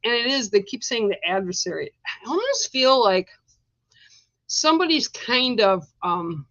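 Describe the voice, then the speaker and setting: A woman's voice: on the high side, sing-song, a little slow, a bit bright, no echo, lo-fi sound. A woman giving a chatty, reassuring live-stream card reading, talking straight to her viewers. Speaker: psychic card reader.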